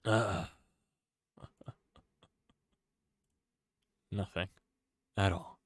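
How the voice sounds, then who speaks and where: A man ranting about his team on a live stream, swinging between loud outbursts and low muttering. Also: moderate pace, pauses often, no echo, studio quality. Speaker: sports fan streamer. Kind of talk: live-stream sports rant.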